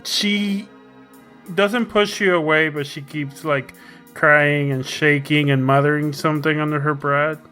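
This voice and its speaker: A player in a tabletop role-play game who speaks haltingly with many pauses and fillers. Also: mid-range voice, steady tone, pushed and bright, faint music behind.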